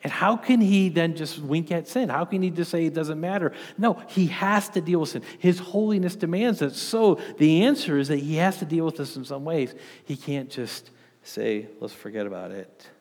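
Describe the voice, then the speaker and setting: A pastor in his thirties preaches to his congregation in a relaxed, conversational way, often pausing to ask his listeners "right?". His voice rings out with the long echo of a church hall. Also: a little high. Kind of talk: sermon. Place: church with a podium.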